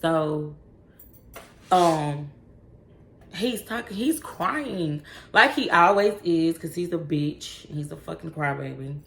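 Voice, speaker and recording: A woman vlogger telling a casual story in a blunt, profane, animated way, recorded in an echoey room with faint noise. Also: deep voice, slow, creaky.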